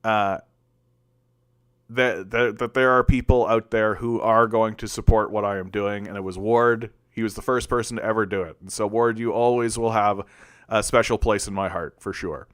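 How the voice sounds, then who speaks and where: A man from Canada hosts a casual political commentary livestream and talks straight to his chat. His voice is smooth and clear, recorded dry and close to the mic. He rambles, restarts his sentences often and leans on filler words. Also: fairly low pitch, fairly even intonation, moderate pace, fairly bright tone, dry recording.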